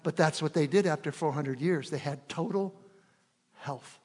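A man preaching a sermon, shifting from loud, impassioned peaks to hushed, prayerful passages. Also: fairly high pitch, normal speed. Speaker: pastor. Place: church sanctuary. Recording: long reverb of a large hall.

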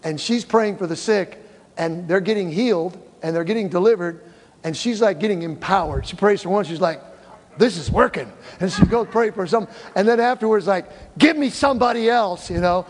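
An older male pastor telling mission stories to his church and acting out the quoted voices in an animated way. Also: sits high, normal speed. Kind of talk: church mission report with slides. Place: church hall. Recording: reverberant church hall.

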